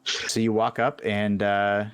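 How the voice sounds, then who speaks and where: A man running a tabletop game, narrating the scene in an unhurried, casual way. His voice sits low and he takes his time, recorded dry and close. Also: flat delivery, smooth, no room sound. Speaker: game master.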